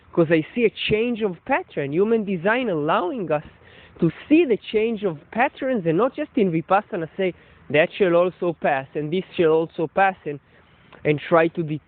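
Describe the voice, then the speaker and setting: Man, high voice, rambling reflective monologue, lots of fillers and restarts, phone-like tinny sound. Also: dry recording. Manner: meandering, many fillers and restarts. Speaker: shop owner and storyteller.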